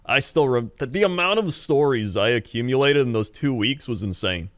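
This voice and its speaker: A man's voice: medium pitch, lively intonation, normal speed, no room sound, clean studio sound. A man in his thirties co-hosting a podcast, telling rambling stories with lots of laughs and acted-out voices. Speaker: podcast co-host. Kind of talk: casual storytelling chat.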